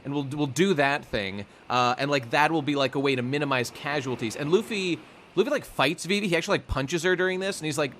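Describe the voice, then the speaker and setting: A man's voice: a little high, fast, fairly bright tone, a little hiss or hum. A man co-hosting a fan podcast in casual chat, rambling with lots of fillers and restarts. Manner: rambling, many fillers and restarts, laughs often. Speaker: podcast co-host.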